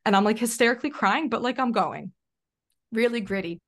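A woman's voice: fairly high pitch, brisk. A young adult woman, a podcast guest, telling a personal story in a chatty way, full of "like" fillers. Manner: chatty, frequent "like" fillers, animated retelling. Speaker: podcast guest, self-leadership coach. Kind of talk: casual interview storytelling.

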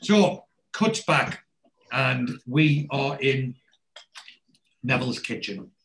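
Man, casual podcast chat, storytelling, salty language, middle pitch. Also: slow, gravelly, low-quality recording. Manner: animated storyteller, swears freely, acts out quoted lines. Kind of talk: casual chat retelling a TV episode.

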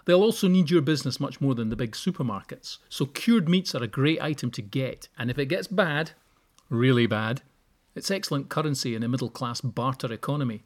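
A man's voice: mid-range voice, lively intonation, a little fast. A man hosting a solo podcast, giving practical tips with wry, joking asides. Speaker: podcast host. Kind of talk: solo podcast advice talk.

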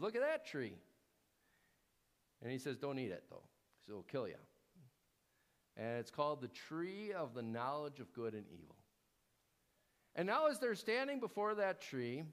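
Animated storytelling preacher, male. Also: mid-range voice. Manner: storytelling, playful asides. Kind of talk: sermon.

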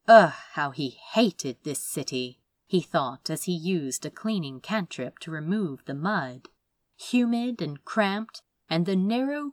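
Woman reading a fantasy audiobook, slow and lively, dry close sound. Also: lowish voice, no echo. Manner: expressive, measured storytelling. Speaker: narrator.

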